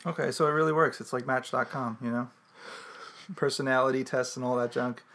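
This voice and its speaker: A man's voice: medium pitch, steady tone, a little fast, fairly bright tone. A man co-hosting a casual podcast chat, talking in a dry, teasing, matter-of-fact way. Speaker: co-host.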